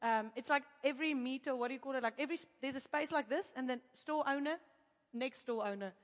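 High-voiced woman giving a testimony, laughs a lot, echoey hall. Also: fast talker. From Africa. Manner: animated, laughs often, acts out the people she quotes. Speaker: speaker giving a testimony to a congregation. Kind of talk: lively testimony storytelling.

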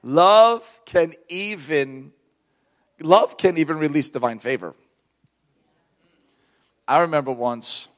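A man preaching a sermon through storytelling, fervent and animated, laughing between points. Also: mid-range voice.

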